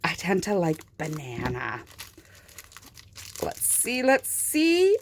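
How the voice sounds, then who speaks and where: A young adult woman reviewing toys in an unboxing video, gushing and excitable, gasping with delight. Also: lowish voice, slow pace, long pauses. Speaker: toy reviewer.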